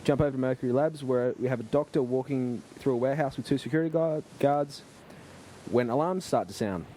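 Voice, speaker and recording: A man hosting a podcast, recapping a TV episode in casual talk with halting restarts. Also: mid-range voice, dark tone, a little hiss or hum. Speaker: podcast host.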